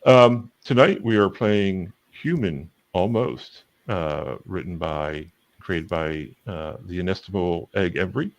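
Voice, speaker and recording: A man hosting and opening a live tabletop game show, halting, with many filler sounds. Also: low-pitched, no echo. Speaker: show host and player.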